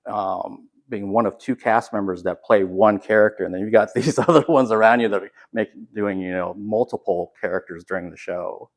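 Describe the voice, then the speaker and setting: A male interviewer with a lowish voice poses long, wandering questions. He sounds admiring and casual, stringing thoughts together with fillers. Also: fairly even intonation, moderate pace, few pauses.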